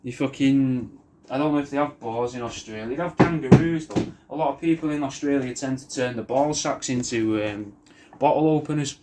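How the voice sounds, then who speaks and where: A man's voice: mid-range voice, brisk, very noisy. Rambling, sweary man. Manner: rambling, sweary, self-deprecating, with many restarts. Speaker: video message maker. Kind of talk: personalized video message.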